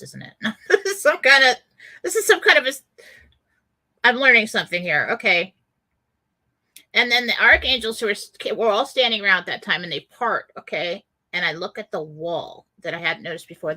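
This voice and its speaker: A woman hosting a radio show shares a personal story in a casual, chatty manner. Her bright voice is animated and swings widely in pitch, and she laughs often and fills pauses with "um".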